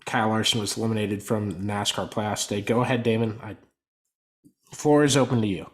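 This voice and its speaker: A man co-hosting a casual motorsport podcast. He talks in an animated way and his volume swings up and down. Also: on the low side, brisk. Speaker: podcast co-host. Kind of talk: casual sports podcast chat.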